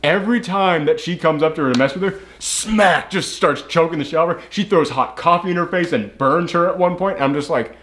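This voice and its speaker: A man's voice: fairly high pitch, a little fast, few pauses, fairly bright tone. A man reviewing a movie in casual chat, rambling and swearing freely, acting out characters' lines in put-on voices. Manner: rambling, frequent "like" and restarts.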